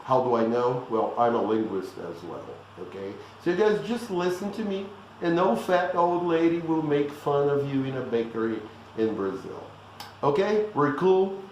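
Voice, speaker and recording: A man's voice: medium pitch, expressive, moderate pace, darkish tone, very echoey, a little hiss or hum, poor audio. A man giving a blunt, teasing pronunciation lesson that keeps checking in with the listeners. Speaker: language teacher.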